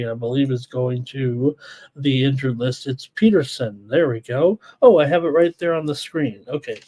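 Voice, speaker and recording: A man's voice: a little high, a little mellow. A man hosting a live sports betting show, running through odds and stats and reading viewers' picks from the chat in a casual way. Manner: rapid stats rundown, reads chat picks aloud, casual asides.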